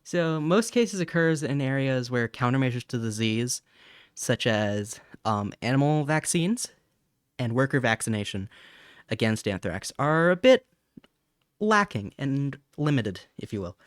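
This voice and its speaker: This science streamer talks unhurriedly in a mid-range voice with lively intonation, casually teaching about bacteria on a livestream. He reads chat, laughs, and trips over terms, and the sound is clean studio audio without room sound.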